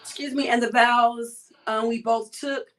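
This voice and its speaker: Co-host: woman, high voice, a bit far from the mic, teasing and lively. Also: a little slow. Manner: lively, teasing, talks to the audience. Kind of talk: casual chat reading comments.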